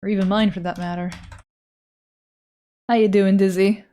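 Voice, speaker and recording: A woman's voice: medium pitch, flat delivery, normal speed, warm tone. A woman streamer talks casually to her audience while she draws, swearing freely and riffing on whatever chat brings up. Her delivery is loose and unpolished, the easy patter of someone half-focused on the canvas. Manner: loose and profane, answering chat while drawing. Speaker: art streamer reading chat.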